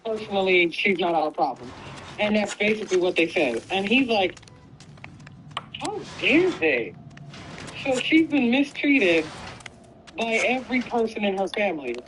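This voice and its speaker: A woman streamer casually recounts a story while she plays, swearing freely and acting out the lines of each character. Her voice sits in a middle pitch. A faint hiss of noise runs underneath. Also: moderate pace, rough recording. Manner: animated retelling with lots of swearing and acted quotes. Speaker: gaming streamer.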